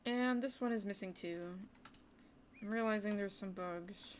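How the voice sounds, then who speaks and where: A chatty woman streamer talks through her game at a desk mic, in a mid-range voice that addresses her viewers directly. She keeps up a loose, running commentary and slips into quick whispers now and then. Faint keyboard typing runs underneath. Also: mid-range voice, a little hiss or hum. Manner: chatty, talks to chat, drops into brief whispered asides. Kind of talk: casual gaming livestream commentary.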